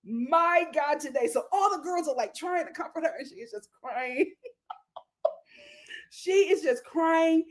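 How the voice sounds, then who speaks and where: A woman's voice: sits high, unhurried. An American woman hosting a reality show recap, telling it with dramatic flair and frequent laughter. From United States. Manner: animated, dramatic storytelling with laughter. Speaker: host.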